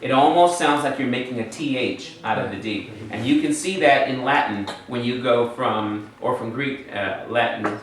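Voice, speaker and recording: A man teaching a Hebrew lesson in a very echoey room, picked up by a mic some way off. His voice sits at an ordinary pitch. He explains patiently and keeps asking his students questions. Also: normal speed, few pauses, far from the mic. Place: classroom in a congregation building.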